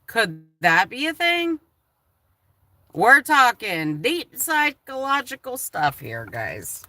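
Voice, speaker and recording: A woman's voice: on the high side, wildly swooping pitch, slow pace, sharp tone, dry recording. A woman chatting candidly on a livestream, emotional and swearing freely. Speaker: live streamer. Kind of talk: casual livestream chat.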